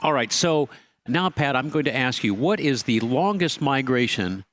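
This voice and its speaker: A man's voice: mid-range voice, lively intonation, normal speed, a bit bright. A male radio host chatting on a home and garden show, recorded on a studio microphone. He talks in a loose, casual way and likes to tease his co-host and pose him trivia questions. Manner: teasing, quizzes his co-host.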